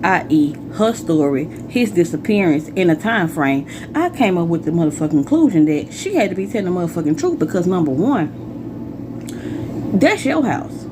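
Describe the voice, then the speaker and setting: Woman, casual storytime, swooping lively pitch, slangy and profane, noisy background. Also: brisk.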